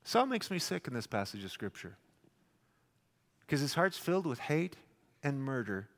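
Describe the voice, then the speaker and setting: Preacher with ringing hall reverb. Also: male voice, medium pitch, big pitch swings, normal speed. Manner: dramatic, acts out quotes loudly, then drops to a hush. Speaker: pastor. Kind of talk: sermon. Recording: long echoing reverb of a large hall.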